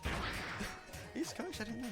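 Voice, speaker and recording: A man's voice: extremely high pitch, expressive, unhurried, gravelly, music in the background. A man commentating his own speedrun in a casual, jokey way, laughing often. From United Kingdom. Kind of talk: casual live commentary on a game run.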